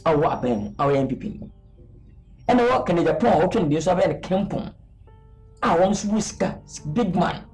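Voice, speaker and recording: A man's voice: high-pitched, darkish tone. A man playing a boastful rich big man with a Ghanaian accent. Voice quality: swaggering, mixes English and Twi, laughs often. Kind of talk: comedy skit acting.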